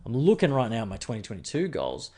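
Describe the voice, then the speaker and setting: A man's voice: mid-range voice, huge pitch swings, fast talker, darkish tone. A man with an Australian accent hosting his own podcast, rambling casually, joking and swearing freely. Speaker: podcast host. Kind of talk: casual solo podcast chat.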